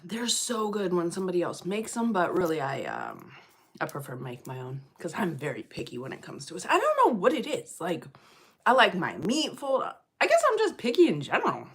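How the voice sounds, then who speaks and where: Animated middle-aged woman livestreaming. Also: fairly low pitch, fairly quick, slightly rough. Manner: animated storyteller, gets loud and fired up; chatty, greets viewers by name. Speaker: livestream host. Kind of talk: casual livestream chat.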